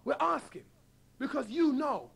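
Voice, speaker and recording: A man's voice: very high voice, animated, unhurried, vocal fry, a bit bright. A man hosting a radio talk show, delivering a combative monologue full of rhetorical questions and blunt mockery. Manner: mocking, blunt.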